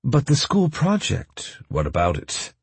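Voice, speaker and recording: A man voicing a confused, stubborn young woman in an audiobook, raising his voice to a higher pitch and pressing with questions. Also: huge pitch swings, a little slow, vocal fry, breathy edge, no room sound, heavily acted. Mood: insistent. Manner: raised pitch, insistent questioning. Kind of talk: audiobook character voice.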